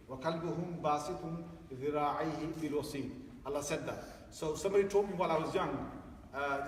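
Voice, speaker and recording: A man giving an informal religious talk to parents, conversational and repetitive, acting out little family scenes as he goes. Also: fairly high pitch. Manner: conversational, repeats phrases, acts out family scenes. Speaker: Islamic teacher. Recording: echoey hall, voice from far off, faint noise.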